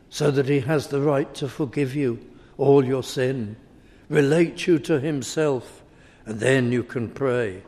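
A man's voice: mid-range voice, slow, darkish tone. A man preaching a sermon, speaking emphatically and returning again and again to a repeated refrain. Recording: reverberant hall.

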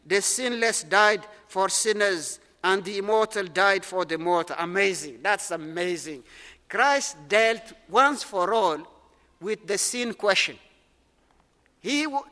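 High, bright-voiced male preacher in a reverberant hall. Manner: earnest preaching with repetition and emphatic phrasing. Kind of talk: sermon.

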